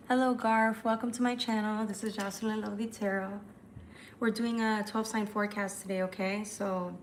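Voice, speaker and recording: Chatty female tarot reader, live stream, rushing, faint background noise. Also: medium pitch. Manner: chatty, fast, repetitive restarts. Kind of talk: live tarot forecast reading.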